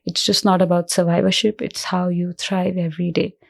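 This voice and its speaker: A woman speaks in an interview with a flat, even delivery and a gravelly edge to her lowish voice. She is earnest and reflective, often pausing mid-phrase, and her emotion shows as her voice cracks at times. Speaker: guest, cancer survivor. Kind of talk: personal interview talk.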